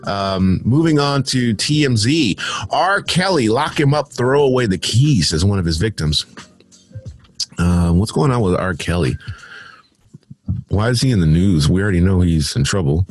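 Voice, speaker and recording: Male host, low register, casual news riffing, dry and dismissive. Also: lively intonation, moderate pace, a little hiss or hum. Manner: dismissive, sarcastic asides. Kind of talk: casual headline commentary.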